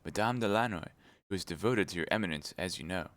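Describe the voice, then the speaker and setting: A man reading a hushed, confiding count. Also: low voice, quick pace, dry recording. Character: loyal male count, agent reporting secretly.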